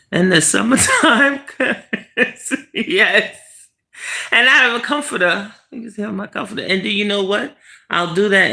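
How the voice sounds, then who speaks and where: A slow, drawn-out talker with a gravelly, fry-laden voice, hosting a livestream from bed. The chat rambles along loosely and is broken up by frequent laughs. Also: medium pitch, pushed and bright. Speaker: livestream host reading viewer chat. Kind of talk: casual live chat. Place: bedroom, lying in bed.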